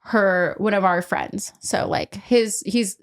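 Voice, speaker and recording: A woman's voice: mid-range voice, slow, smooth. A young woman telling stories as a podcast guest, chatty and full of "like" fillers. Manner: chatty, many "like" fillers, animated voicing of others. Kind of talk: casual storytelling.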